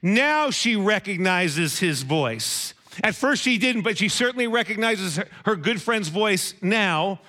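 Bright, high-voiced man preaching a sermon. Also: expressive, a little slow. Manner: conversational, asks the listeners questions.

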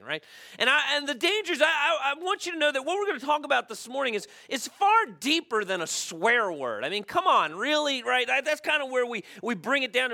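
Guy preaching, bright voice, keeps asking okay, high pitch. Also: gravelly. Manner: conversational, frequent "okay?" check-ins. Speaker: pastor. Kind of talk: sermon.

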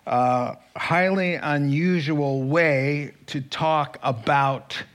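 A man preaching a sermon as pastor, emphatic, with sudden rises in pitch and loudness. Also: fairly even intonation. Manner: unhurried and drawn out.

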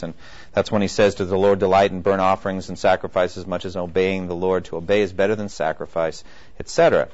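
A man's voice: deep voice, flat delivery, fast, darkish tone. A man giving a conversational Bible teaching lecture who acts out the quoted voices and keeps checking in with his listeners. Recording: dull lo-fi recording.

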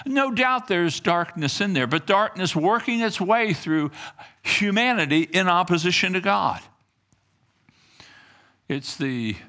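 A man's voice: high-pitched, sharp tone. A middle-aged man preaching a sermon in earnest, reading scripture aloud and often repeating himself. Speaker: pastor.

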